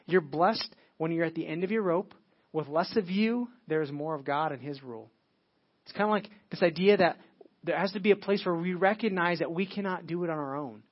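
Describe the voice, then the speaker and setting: A man's voice: fairly high pitch, highs cut off. A middle-aged male pastor preaching a sermon in a casual, conversational way, acting out quoted dialogue.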